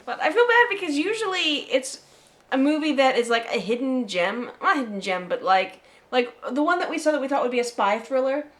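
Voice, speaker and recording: A woman co-hosting a film review show in casual, rambling, excitable chat. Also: high-pitched, a little fast.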